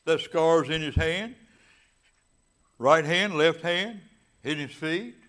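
A male preacher with a somewhat high voice delivers a sermon. He sinks into quiet, low-pitched stretches, then swells to loud, drawn-out climaxes on key words. Between these he talks plainly to the congregation in casual asides. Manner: swings between soft, low passages and loud, emphatic climaxes.

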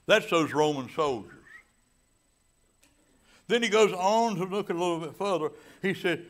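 This is a man delivering a sermon expressively, dropping into soft, low moments and rising to loud, emphatic climaxes. He slows down to stretch key words and makes casual asides to the congregation.

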